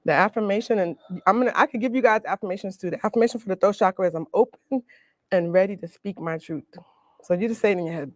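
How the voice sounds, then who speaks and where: A woman coaching a live Reiki workshop, chatty and quick to laugh, with casual slang as she walks a group through a demonstration. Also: medium pitch, no echo. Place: workshop room with an audience.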